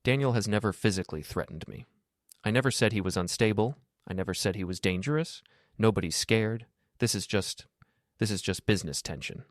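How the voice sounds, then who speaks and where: A man's voice: lowish voice, fairly quick, dry recording, studio quality, natural voice. A man voicing a panicky, defensive young man who blusters and repeats himself. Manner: rattled, repetitive blustering.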